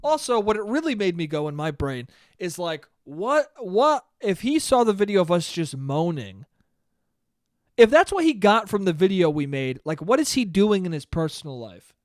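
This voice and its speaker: A young man telling a rambling, profane story alone on his podcast, bursting into loud outbursts. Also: sits high, sing-song, normal speed, no room sound, clean studio sound. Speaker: podcast host. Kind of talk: solo podcast monologue.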